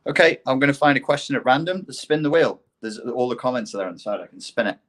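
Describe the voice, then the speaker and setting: Man from Liverpool, mid-pitched, talks off the cuff on a live Q&A, rambling, emphatic, swears now and then. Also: quick pace, fairly bright tone. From Liverpool, England. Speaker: online philosophy and self-help talker. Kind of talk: casual livestream Q&A.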